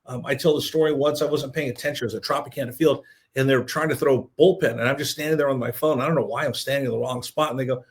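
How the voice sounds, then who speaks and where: A man hosting a podcast interview, an animated storyteller who acts out the quotes in his anecdotes. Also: medium pitch, very fast, creaky. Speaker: podcast host, executive producer.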